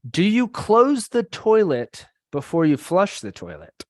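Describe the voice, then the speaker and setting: A man's voice: high voice, huge pitch swings, unhurried, darkish tone, no room sound, studio quality. A man hosting a podcast, chatting in a rambling way and laughing easily. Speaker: podcast host. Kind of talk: casual podcast chat.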